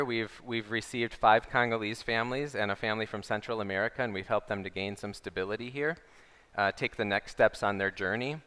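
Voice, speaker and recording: A man's voice: fairly low pitch, pushed and bright, clear, resonant tone, long reverb tail. A man earnestly presenting and explaining a church program for families. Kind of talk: video presentation.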